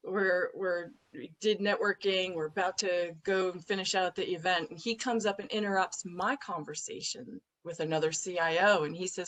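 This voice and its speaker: A woman guest on a business podcast, telling an anecdote in an animated, blunt way. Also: on the low side, moderate pace, hardly any pauses, low-quality recording. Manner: colorful, blunt phrasing. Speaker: guest, recruiting firm president. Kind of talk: podcast interview storytelling.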